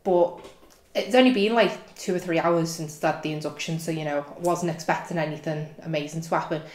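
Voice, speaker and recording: A young Scouse woman vlogging, telling a funny personal story with animated swings from low muttering to loud outbursts. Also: fairly quick. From England. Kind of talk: comic storytelling. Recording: echoey room.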